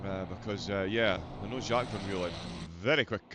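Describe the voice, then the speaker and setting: A man's voice: fairly low pitch, a little fast, background noise. A man with a Scottish accent giving live commentary on a sim race, chatty and joking as he reads out viewer messages. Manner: chatty, jokey, reads out chat.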